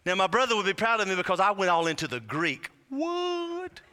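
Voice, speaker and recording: A man preaching a sermon, fervent and humorous, rising to shouted whoops. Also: high voice, lively intonation, fast talker. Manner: humorous asides to the congregation. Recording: long hall reverb.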